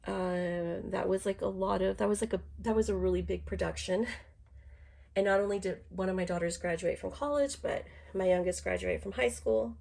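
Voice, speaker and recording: A middle-aged woman talks casually to a live stream from home, her voice low and husky with a gravelly edge. She rambles, restarting sentences and leaning on fillers, and sounds congested from a cold. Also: darkish tone. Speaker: doll collector streaming live.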